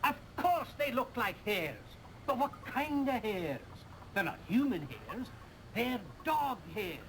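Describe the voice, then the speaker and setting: A rambling old chemist in a video game cutscene, excitable and forever mixing up names. His voice sits high and swoops about a lot. A faint hiss runs under the old game audio. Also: slow, exaggerated voice, rough recording. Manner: scatterbrained, mixes up names, excitable. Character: rambling absent-minded old male police chemist.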